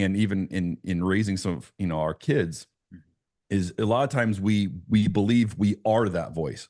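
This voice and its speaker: A man's voice: lowish voice, dry recording, clean studio sound. A man, a pastor, telling a personal story as a podcast guest, earnest and full of restarts. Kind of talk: conversational podcast interview.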